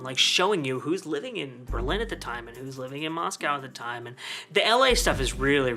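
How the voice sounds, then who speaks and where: A man's voice: medium pitch, sharp tone. A man giving a casual film review, rambling with many fillers.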